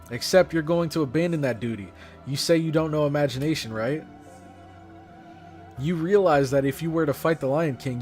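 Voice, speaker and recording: A man's voice: fairly high pitch, darkish tone, lightly acted. A man doing a fiery scolding young monk woman. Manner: indignant, scolding, emphatic. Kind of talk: reading game dialogue aloud.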